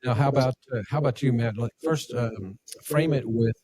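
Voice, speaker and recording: A man's voice: mid-range voice, normal speed, a crowd in the background, rough recording. A man hosting a podcast, asking loose, rambling questions full of fillers. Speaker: podcast host.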